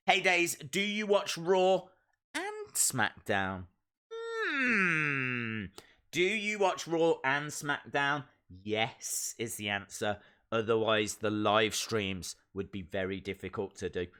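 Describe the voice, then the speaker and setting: Playful, animated man hosting a live stream. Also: fairly high pitch. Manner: playful, rambling, jokey asides. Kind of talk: casual live stream chat, reading viewer comments.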